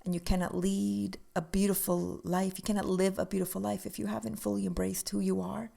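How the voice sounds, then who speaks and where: A woman who works as a death doula, speaking slowly and reflectively in a casual podcast conversation, sometimes sinking into soft whispers. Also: medium pitch, little pitch movement, gravelly.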